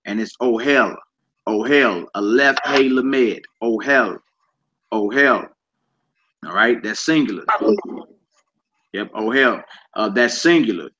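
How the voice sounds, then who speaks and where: A man leads a relaxed Hebrew vocabulary lesson, saying each word over and over and spelling it letter by letter. He talks at an unhurried, deliberate pace. The recording sounds dull and lo-fi. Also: medium pitch. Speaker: Hebrew teacher.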